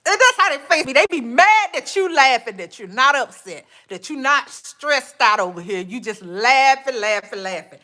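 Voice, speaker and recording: This podcast is hosted by a woman whose voice runs somewhat high. Her casual monologue centers on faith, and she's lively, laughs readily, and calls the audience honey and child.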